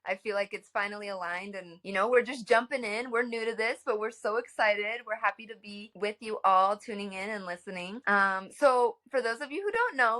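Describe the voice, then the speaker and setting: A woman's voice: mid-range voice, bright, forceful tone. A woman in her thirties co-hosting a podcast, telling a personal story in an upbeat, open way. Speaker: podcast co-host, yoga instructor.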